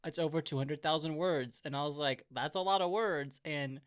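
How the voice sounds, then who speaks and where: A man's voice: a little high, fairly even intonation, moderate pace, clear, resonant tone. A young man co-hosting a casual podcast chat, talking in a chatty, joking way and laughing often. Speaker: podcast co-host.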